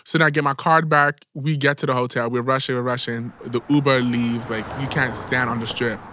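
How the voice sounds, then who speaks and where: A young man co-hosting a podcast, telling a story in animated, dramatic casual chat full of swearing. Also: mid-range voice, fairly quick, noisy background. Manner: animated, dramatic, heavy cursing. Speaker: podcast co-host.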